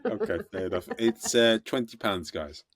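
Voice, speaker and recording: A man's voice: on the low side, animated, normal speed, no room sound. A man from the UK hosting a comedy podcast, jokey and bumbling through his introductions. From United Kingdom. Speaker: podcast host. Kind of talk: casual podcast interview.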